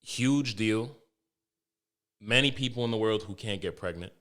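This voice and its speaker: A young man hosting a podcast, telling stories in a loose, animated way, swearing heavily and restarting his sentences. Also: lowish voice, unhurried. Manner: animated storytelling, heavy swearing, frequent restarts. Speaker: podcast host. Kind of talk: casual podcast monologue.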